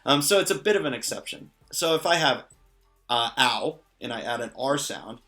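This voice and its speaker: A man's voice: mid-range voice, animated, normal speed, bright, forceful tone, faint music behind. A man explaining pronunciation in a casual lesson, patient and lightly joking. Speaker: language teacher.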